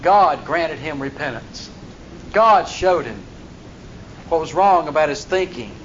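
A high-pitched man preaching, moving between solemn scripture reading and homespun explanation. The sound is dull and lo-fi. A faint hiss sits under his voice. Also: expressive, takes it slowly, pauses often. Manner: reads verses in old-fashioned wording, then explains in plain folksy talk. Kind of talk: sermon reading and expounding scripture. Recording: dull lo-fi recording with faint noise.

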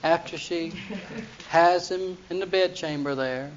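A man's voice: fairly high pitch, a little slow, slight background noise. A man preaching a humorous sermon, telling the story playfully with chuckles, in a dull lo-fi recording.

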